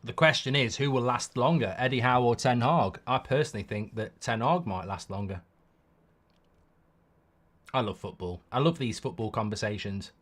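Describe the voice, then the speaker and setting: A middle-aged man hosting a live football watchalong, talking in an opinionated, rambling way with quick restarts. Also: medium pitch, a bit bright. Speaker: host.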